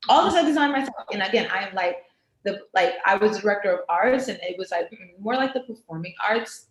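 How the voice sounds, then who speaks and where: A woman with a New York accent, talking as a guest on a video-call interview in an animated, emphatic way. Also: mid-range voice, a little fast. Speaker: guest artist. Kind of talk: casual interview chat. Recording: roomy echo on a video call.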